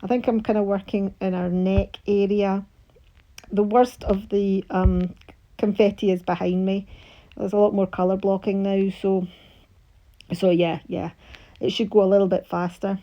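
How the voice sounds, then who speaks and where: A woman's voice: mid-range voice, level tone, moderate pace, muffled recording. A woman with a thick Scottish accent, chatting casually and rambling through a myth while she crafts, with many fillers and restarts. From Scotland. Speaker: crafting channel host.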